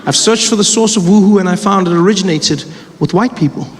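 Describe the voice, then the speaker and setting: A man's voice: high voice, fast talker. A man in his thirties performing a stand-up comedy set, acting out the voices of the people in his stories. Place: large comedy venue with a live audience. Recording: live hall recording with crowd noise.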